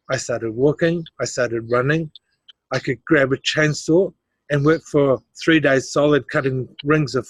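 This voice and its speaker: Here a middle-aged man, a guest in a relaxed interview, tells his life story with animation, imitating others' voices and laughing frequently. He has a mid-range, fairly bright voice, with no room sound on the recording.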